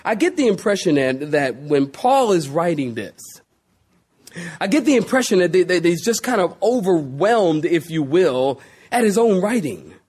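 A man preaching a sermon as pastor, addressing listeners as saints, drawing out key words with dramatic pauses and speeding up through long lists. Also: high-pitched, sing-song, a little mellow, breathy edge. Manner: acts out quoted exclamations with rising energy.

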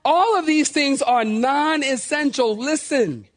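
A man's voice: sits high, moderate pace, no echo, clean studio sound. A man preaching a sermon as pastor, joking and calling for responses from the congregation. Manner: animated, joking, acts out quoted people.

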